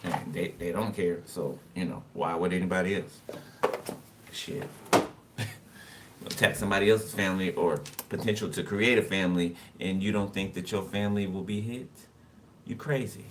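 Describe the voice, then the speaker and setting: A man's voice: deep voice, steady tone, moderate pace. A man giving a casual tarot reading, talking loosely to the viewer, laughing to himself and drawing cards as he goes. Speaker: tarot reader. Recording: distant mic with loud background noise.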